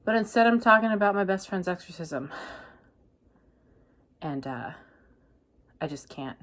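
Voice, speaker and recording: A woman book vlogger talking casually to camera, deadpan and exasperated as she rants. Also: mid-range voice, measured pace. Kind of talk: casual reading vlog.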